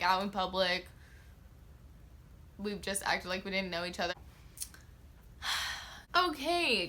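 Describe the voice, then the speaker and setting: A young woman vlogger telling a casual storytime, slangy and profane, with lots of filler words and acted-out quotes. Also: medium pitch. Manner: expressive, acts out her own quotes.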